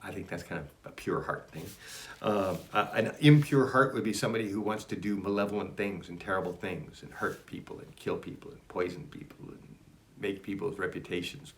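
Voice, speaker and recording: A man reading aloud from his own spiritual writings and musing on each line in a rambling, self-interrupting way. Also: lowish voice. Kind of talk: casual spoken reading and reflection.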